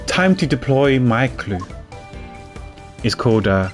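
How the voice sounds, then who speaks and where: A man's voice: mid-range voice, sing-song, takes it slowly, long pauses. Chatty man streaming a game. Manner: chatty, self-mocking asides. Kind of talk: casual gameplay commentary. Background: faint game music.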